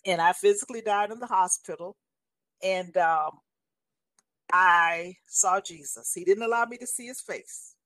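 A woman in her sixties, appearing as a guest, recounts her faith testimony earnestly, often repeating what others told her. Her fairly low voice is measured and sharp in tone, with no room sound.

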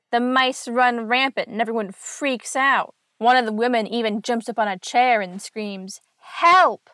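A woman's voice: fairly high pitch, fairly bright tone, no echo. A woman host casually recapping an old comic book story with wry, chatty asides.

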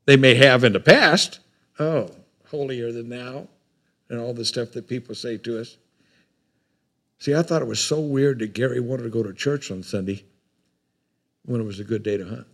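A man's voice: mid-range voice, vocal fry, fairly bright tone, slightly rough. An older man with a drawl delivers a sermon. His talk is homespun and rambling. He often repeats words as he works his way toward a point. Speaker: preacher.

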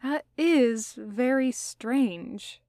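A calm, precise young man from a storybook reading, as a woman narrator puts him on, weighing each word thoughtfully. The voice is a little high and very slow, recorded close and dry. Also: no room sound, natural voice. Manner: measured, thoughtful speech.

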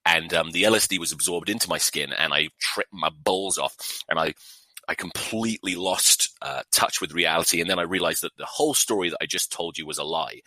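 A man's voice: low-pitched, fairly quick, pushed and bright, faint music behind. A man hosting a rugby podcast, rambling through a profane, joking, self-mocking rant with many restarts, into a new podcast microphone. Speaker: podcast host.

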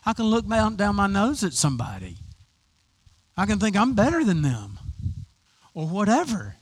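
Animated, lively-pitched male preacher. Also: normal speed, husky. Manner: animated, conversational preaching with repeated restarts. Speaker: pastor. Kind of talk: sermon.

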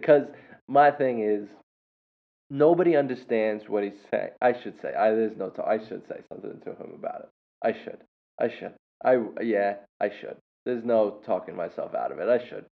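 A man's voice: on the low side, moderate pace, gravelly. Tinny-sounding man rambling casually. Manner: rambling, with many fillers and self-corrections. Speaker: podcast host and English teacher. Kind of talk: casual storytelling monologue.

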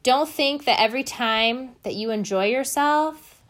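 A woman's voice: high-pitched, a little slow, fairly bright tone. A young woman giving casual motivational fitness talk, chatty and candid with many fillers.

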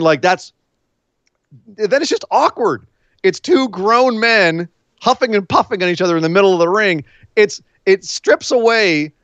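A man co-hosting a wrestling podcast in casual chat, joking and animated with quick asides. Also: high voice, dry recording, muffled recording.

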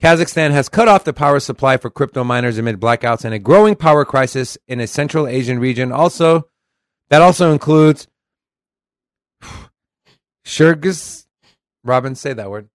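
A man co-hosts a crypto podcast, chatting casually, reading news articles aloud and commenting in a brash, profane way, getting animated when he reads quotes. His medium-pitched voice is fast, recorded with studio quality and no room sound.

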